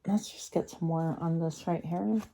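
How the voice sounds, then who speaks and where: A woman's voice: low voice, fairly even intonation, moderate pace, vocal fry, warm tone. A woman giving a pick-a-card tarot reading, chatty and rambling, thinking aloud with many fillers and slightly slurred speech from a retainer.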